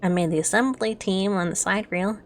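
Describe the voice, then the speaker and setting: Woman doing a friendly proud young guy, chatty, kinda gravelly. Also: mid-range voice, fairly quick, slight background noise, lightly acted. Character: friendly, proud young man sharing drinks.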